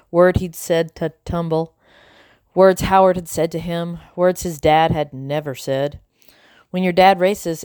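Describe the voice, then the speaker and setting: A woman narrating a children's novel in a measured, steady reading style. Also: low-pitched, clear, resonant tone, no echo. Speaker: audiobook narrator. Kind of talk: scripted narration.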